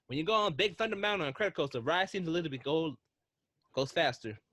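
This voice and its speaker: Casting: excitable man, podcast co-host, lively bouncy pitch, dry close sound. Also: fast talker, no echo. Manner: rambling, excitable storytelling with frequent restarts. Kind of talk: casual podcast chat.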